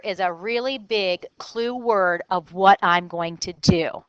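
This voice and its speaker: A woman's voice: mid-range voice, slow, few pauses, clean tone, no echo, low-quality recording. A woman teacher recording a math lesson for children, thinking aloud step by step in an upbeat way.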